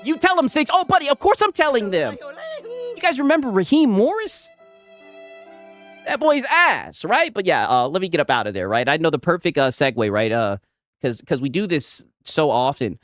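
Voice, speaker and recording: Streamer guy rambling n mocking, lively up-and-down voice, music going faintly behind. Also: sits high, moderate pace. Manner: rambling, mocking, frequent "right?" tags. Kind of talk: casual livestream commentary. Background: music playing.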